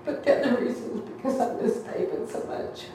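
A woman's voice: a little high, a little fast, dark tone, a little hiss or hum. A woman giving a heartfelt, conversational testimony to a church congregation. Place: church hall. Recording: echoey hall from far off.

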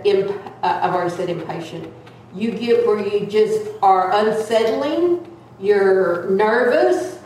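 Loud earnest woman preaching in church. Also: medium pitch, a little hiss or hum. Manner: earnest and plain-spoken. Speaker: church member giving a talk. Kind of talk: sermon-style talk. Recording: echoey room from far off.

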